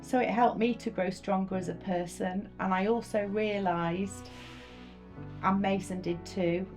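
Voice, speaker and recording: A woman's voice: medium pitch, fairly even intonation, measured pace, darkish tone, soft background music. A middle-aged woman, a mother, speaking earnestly and reflectively in a documentary interview.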